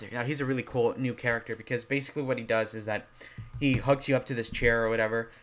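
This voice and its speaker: A man reviewing horror films in a loud, rambling way, full of fillers and restarts, his voice strained from talking loudly. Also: medium pitch. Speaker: movie reviewer. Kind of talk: casual spoken film review.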